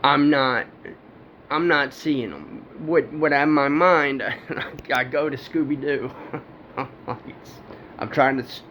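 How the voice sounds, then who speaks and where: A man's mid-range voice, pushed and bright, takes it slowly while recounting a personal encounter. His telling is rambling and profane, full of laughter, on a dull lo-fi recording with faint background noise.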